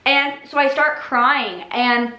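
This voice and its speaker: A woman's voice: high voice, slow pace, pushed and bright, roomy sound, lo-fi sound. A young woman telling a story to her viewers in casual chat, rambling with lots of likes and restarts. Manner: rambling, many likes and restarts, addresses viewers as you guys. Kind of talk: casual story time to camera.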